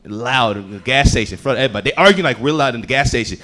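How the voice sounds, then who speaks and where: A stand-up comedian from Houston, Texas, telling animated stories on a comedy club stage and acting out the people in them. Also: male voice, mid-range voice, racing. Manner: animated storytelling with acted-out voices.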